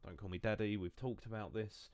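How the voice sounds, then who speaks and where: A man's voice: fairly low pitch, fairly even intonation, brisk, a little mellow, no room sound. A young man streaming from home, chatting casually to his viewers in a rambling, self-mocking way. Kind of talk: casual live-stream chat.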